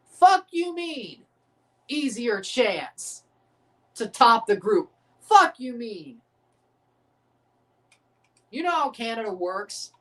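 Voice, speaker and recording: A man's voice: very high voice, lively intonation, slow, long pauses, sharp tone, distant mic. A man hosting a live sports watchalong, ranting profanely and repeating himself. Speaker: livestream watchalong host. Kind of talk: live sports reaction rant. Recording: voice a bit off the mic.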